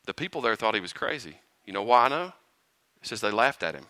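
A man preaching a sermon, animated and often chuckling, building to rhetorical questions. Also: fairly low pitch, fast talker, dry recording.

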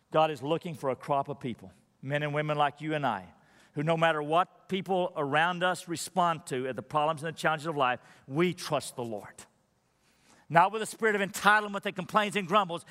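A male pastor preaches in a church sanctuary, his bright, forceful voice ringing out with a long echo from the large hall. He talks in an emphatic preaching manner. He swings from loud exhortation to near-whispered prayer. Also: on the high side, lively intonation, a little fast. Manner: emphatic preaching, rising loud then dropping to a hushed prayer. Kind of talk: sermon.

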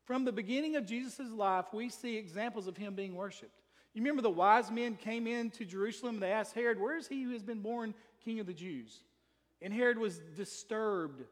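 A man's voice: sits high, fairly quick. A man preaching an emphatic sermon in a church, reading scripture aloud as pastor. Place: church sanctuary. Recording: long reverb from a large hall.

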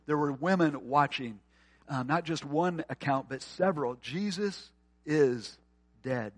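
Earnest pastor preaching, dry sound. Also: male voice, on the high side, a little slow, dry recording. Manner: earnest, quiet and tender at times, rising to forceful emphasis. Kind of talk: sermon.

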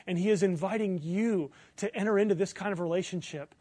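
A man preaching a sermon as pastor, earnest, building to emphatic bursts and then dropping low. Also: brisk, darkish tone, no room sound.

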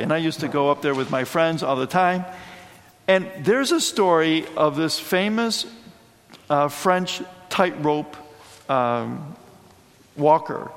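A man's voice: sits high, vocal fry. Man preaching animatedly in an echoey church. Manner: animated, chatty preaching with frequent asides. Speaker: priest. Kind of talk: sermon.

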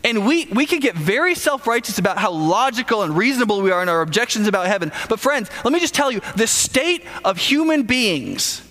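A man's voice: high-pitched, very animated, a little fast, few pauses, pushed and bright, long reverb tail. A man preaching a sermon in a conversational way, often stammering and restarting and putting questions to the listeners.

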